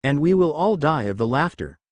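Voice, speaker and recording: A man's voice: fairly high pitch, big pitch swings, fairly quick, dry recording. A man voicing a weary, grumpy male teacher who speaks in a dry, tired tone, in a storybook reading.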